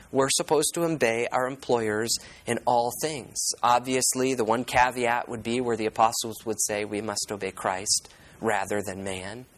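A male pastor teaching from the pulpit in a voice of middling pitch. He reads each verse aloud and then unpacks it, repeating his key words. He turns to the congregation with questions and echoes their answers back to them. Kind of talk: sermon.

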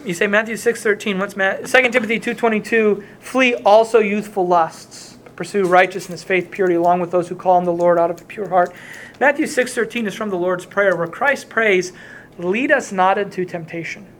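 A man with a high, fairly bright voice preaches a sermon fairly quickly, his intonation fairly even, with slight background noise. He's earnest and repetitive, quoting scripture as he goes.

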